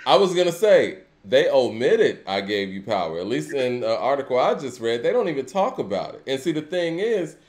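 A man co-hosting a casual hip hop podcast, speaking in a steady conversational way. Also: medium pitch, moderate pace, hardly any pauses. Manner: conversational, steady, reads super chats. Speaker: podcast co-host.

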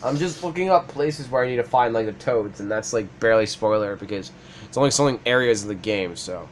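A young man hosting a gaming video, chatting casually and swearing, with ranting, mock-shouted retellings. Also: mid-range voice, brisk, slight background noise. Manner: animated, swearing, rants with mock-shouted quotes. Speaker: gaming channel host. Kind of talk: casual chat while playing.

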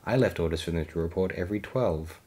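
A man voicing a cold, calculating alien grand admiral who speaks quietly and with controlled menace. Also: low-pitched, quick pace, husky.

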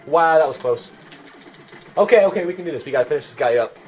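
Excitable high-voiced man gaming. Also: fast talker, dull audio, noisy background. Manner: excitable, exclaims and shouts at the game. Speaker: video game player. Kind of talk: excited let's-play commentary.

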